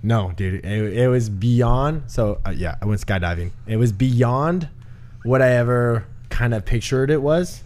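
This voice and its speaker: A man's voice: medium pitch, measured pace. A man hosting a podcast, telling a story in casual chat, swearing freely. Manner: profane, animated storyteller. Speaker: podcast host. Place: room with a dryer running nearby.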